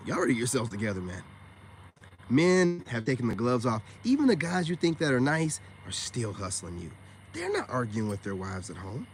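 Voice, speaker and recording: A man ranting casually on a livestream, blunt and profane, talking right at his audience. His voice sits at an everyday middle pitch, with a faint hum of noise underneath. He keeps tossing in "man" and "you know what I'm saying.". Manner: blunt and profane, addresses viewers directly. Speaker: online self-help streamer.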